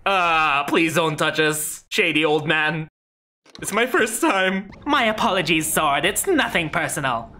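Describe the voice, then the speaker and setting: A woman doing let's play commentary, excitable and laughing often, swearing at the game and reading its text aloud. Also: low-pitched, measured pace. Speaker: gaming YouTuber. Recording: game music behind her voice.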